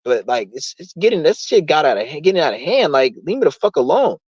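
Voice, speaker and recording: A man's voice: on the high side, big pitch swings, fast, darkish tone, husky, dry recording, muffled recording. A young man hosting his own channel, ranting in a heated, profane, rambling way. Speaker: channel host. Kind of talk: casual rant on a live stream.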